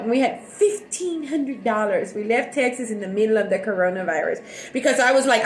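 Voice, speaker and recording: A woman vlogger chatting casually with her viewers, talking fast and loud with restless, excitable energy. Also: fairly high pitch, echoey room, rough recording. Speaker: live-stream vlogger. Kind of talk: casual rambling chat with viewers.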